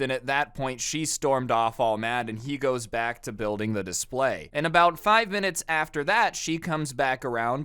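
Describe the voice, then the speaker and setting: A man's voice: mid-range voice, a bit bright, smooth, no echo. A young man casually narrating a storytime video, conversational with sarcastic asides. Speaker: storytime YouTuber.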